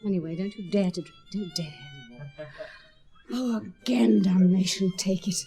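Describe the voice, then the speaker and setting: A woman's voice: lowish voice, moderate pace, warm tone, faint music behind, close to an everyday voice. An actress playing a moody, unhappy young married woman who speaks curtly and wearily, in a 1960s recorded stage drama. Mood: weary. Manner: curt, weary, irritable.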